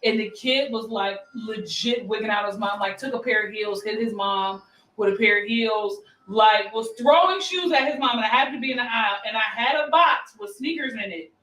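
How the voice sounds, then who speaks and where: A woman co-hosting a radio show in casual banter, telling animated anecdotes and acting out other people's voices. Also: on the high side, normal speed, roomy sound, far from the mic, low-quality recording.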